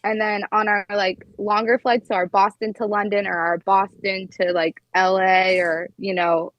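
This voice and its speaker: A woman's voice: medium pitch, flat delivery, normal speed, no echo, lo-fi sound. A young woman, a flight attendant, telling stories in a casual podcast chat and filling her talk with "like". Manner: chatty, heavy use of "like".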